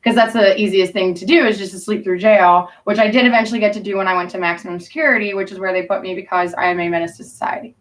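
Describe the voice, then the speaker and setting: A woman's voice: medium pitch, steady tone, fast talker, few pauses, recorded from a distance. A woman telling rambling, profane stories in casual chat with her stream audience. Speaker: livestreamer talking to chat.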